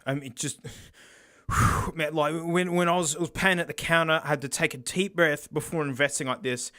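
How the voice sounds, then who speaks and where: A man's voice: fairly high pitch, normal speed. Sarcastic Australian man reviewing headphones. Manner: sarcastic, animated, laughs often. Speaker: tech reviewer. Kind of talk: comedic unboxing review.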